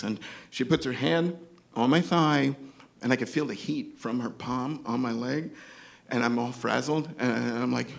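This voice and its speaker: Animated storyteller man, gravelly voice. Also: medium pitch, normal speed. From New York. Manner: animated, acts out other characters' voices. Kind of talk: live comedic storytelling.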